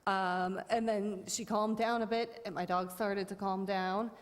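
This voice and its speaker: A woman's voice: medium pitch, fairly even intonation, unhurried. Woman telling her side at a town meeting, rambly, lots of likes and ums, echoey hall. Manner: rambling, many fillers and restarts. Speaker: dog owner at a public hearing. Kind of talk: informal testimony. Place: town board meeting room. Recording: long reverb of a meeting room.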